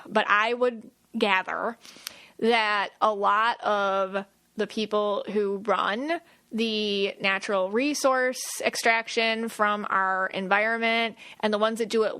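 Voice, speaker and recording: A woman hosting a podcast, explaining things in a chatty way and acting out quick quoted voices. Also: mid-range voice, bright, forceful tone. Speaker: podcast host, aura reader. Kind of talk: casual explanatory podcast talk.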